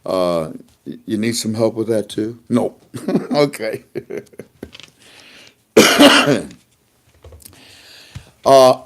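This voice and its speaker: A man giving casual spoken commentary in a mocking, animated way, laughing between remarks and acting out little back-and-forth exchanges. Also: on the low side. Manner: animated, mocking, acts out dialogues. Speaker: online commentator.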